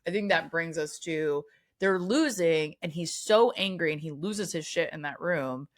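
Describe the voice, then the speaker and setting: A woman co-hosting a podcast in casual chat, animated and swearing, acting out quotes from the film. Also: low-pitched, measured pace. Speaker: podcast co-host.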